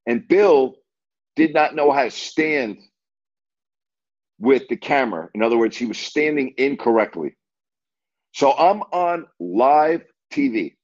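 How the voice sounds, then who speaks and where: An older man, a sportscaster hosting, telling stories casually, animated and laughing, repeating himself. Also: mid-range voice, measured pace, long pauses. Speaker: sportscaster host. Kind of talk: casual storytelling to a live audience. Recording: dull lo-fi audio.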